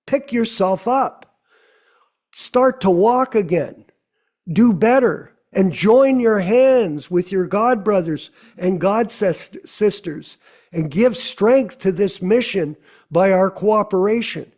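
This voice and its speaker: Earnest high-voiced man exhorting his group. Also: lively intonation, slow, darkish tone. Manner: earnest, repeats phrases for emphasis. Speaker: host of online devotional discussion. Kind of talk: exhortation to a video call audience.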